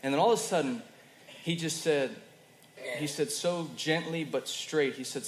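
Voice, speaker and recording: A man preaching a sermon in a church hall, his fairly high voice carrying around a roomy, echoing space. He talks conversationally and shifts between loud emphatic stretches and soft, quiet ones, with faint ambience behind him. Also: normal speed, slight background noise. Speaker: pastor.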